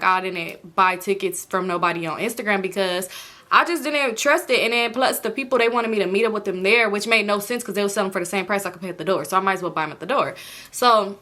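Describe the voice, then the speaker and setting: A young American woman telling a storytime on her vlog, chatty and animated, swearing freely. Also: mid-range voice. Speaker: vlogger. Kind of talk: casual storytime.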